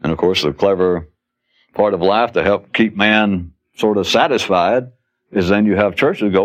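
Low-voiced man, wry lecture, lo-fi. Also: moderate pace. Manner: wry and conversational, acting out quoted outbursts. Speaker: speaker giving a talk. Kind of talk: spoken philosophical lecture. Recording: dull lo-fi recording.

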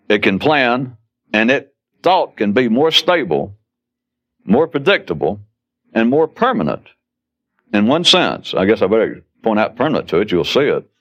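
A man with a mid-range, fairly bright voice gives a wry, conversational philosophical talk, occasionally acting out quoted outbursts. The recording is dull and lo-fi.

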